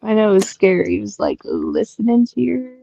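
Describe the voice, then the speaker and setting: A woman's voice: medium pitch, wildly swooping pitch, fairly quick, gravelly, dark tone, no echo, rough recording. A woman chatting casually with friends on a stream, teasing them and mimicking their voices. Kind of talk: casual chat.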